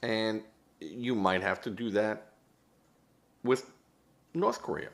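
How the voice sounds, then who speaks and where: A man's voice: on the low side, slow, creaky. A man giving opinionated political commentary as host, rambling and hesitant, often correcting himself.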